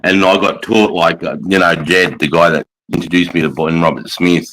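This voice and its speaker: A man's voice: low-pitched, steady tone, normal speed, a bit bright, low-quality recording. An Australian man hosting a casual livestream chat, telling army stories in a blunt, profane way. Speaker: host, army veteran.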